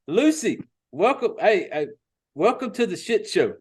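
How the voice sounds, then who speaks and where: A man's voice: high voice, very animated, slow pace, breathy edge. A man hosting a podcast, casual, profane and rambling, with lots of restarts. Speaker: podcast host.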